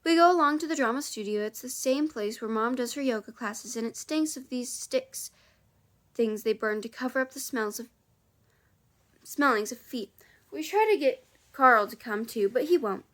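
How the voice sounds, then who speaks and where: Chatty woman reader, high voice, close to the camera, casual read-aloud. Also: normal speed. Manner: chatty, with offhand asides. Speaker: audiobook reader.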